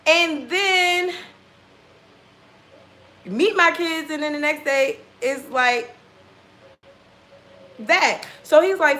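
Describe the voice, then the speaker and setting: High bright woman telling a story. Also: drawn-out words, long pauses. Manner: animated, profane storytelling, acting out quoted lines. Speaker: tarot reader. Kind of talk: casual storytime vlog.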